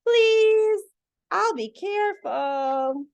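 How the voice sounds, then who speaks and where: Storybook pigeon, eager and begging, voiced by a woman, pitched high. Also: expressive, very slow, gravelly, darkish tone, exaggerated voice. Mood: pleading. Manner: begging, wheedling. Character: pleading eager pigeon who wants to drive.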